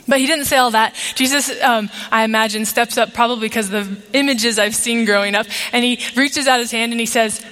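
A woman's voice: a little high, fairly even intonation, brisk, hardly any pauses, fairly bright tone. Woman pastor preaching in a reverberant sanctuary. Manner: engaging, asks the congregation questions. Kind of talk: sermon. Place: church sanctuary. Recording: long reverb of a large sanctuary.

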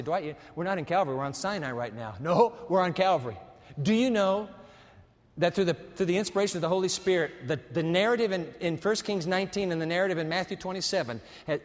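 A man's voice: high voice, expressive, fairly quick. A man preaching a sermon dramatically, with much rhetorical repetition. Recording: long hall reverb.

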